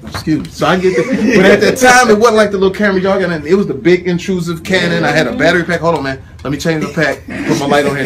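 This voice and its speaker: A man with a fairly high voice tells a story with lively energy and acts out the people in it. Steady noise runs behind him throughout. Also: fast, few pauses. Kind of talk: casual storytelling.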